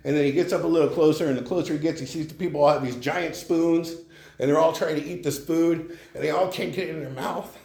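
A man's voice: on the high side, fairly even intonation, fast, creaky, darkish tone. A middle-aged man giving a candid, conversational personal testimony at a recovery meeting, speaking from a podium with frequent chuckles. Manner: candid and conversational, leans on "you know", chuckles often. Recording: roomy room echo.

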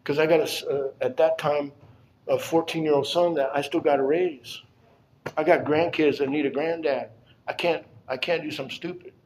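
An older man giving a plainspoken, emotional personal testimony at a recovery support meeting, often halting and repeating himself. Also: fairly high pitch, steady tone, darkish tone, slight background noise.

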